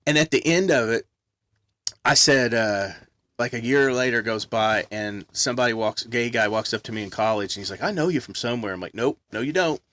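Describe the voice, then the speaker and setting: A man telling a long story in casual chat, loud and animated, belting out quoted songs. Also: medium pitch, fairly quick, no room sound.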